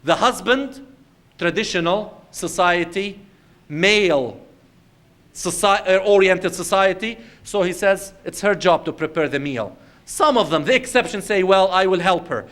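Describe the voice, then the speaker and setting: High-voiced male Islamic lecturer. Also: fairly bright tone. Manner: conversational storytelling with acted quotes, addresses the audience directly. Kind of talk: lecture to a congregation.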